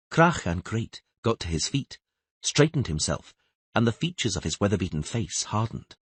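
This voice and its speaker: Husky low-voiced male narrator. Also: sing-song, normal speed, dry recording. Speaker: audiobook narrator. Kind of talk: scripted narration.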